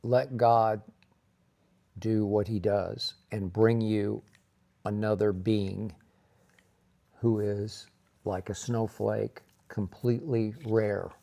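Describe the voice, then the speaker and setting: A man with a low, gravelly voice and a mellow, dark tone. He co-hosts a casual relationship chat and talks in an earnest, reflective way. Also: steady tone, slow, long pauses. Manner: earnest, reflective, brings faith into it. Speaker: co-host.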